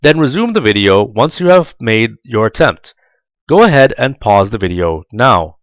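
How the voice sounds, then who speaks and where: Animated man in dry instructional voice-over. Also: medium pitch, no room sound, rough recording. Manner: slow, deliberate, clearly enunciated. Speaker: tutorial narrator for job applicants.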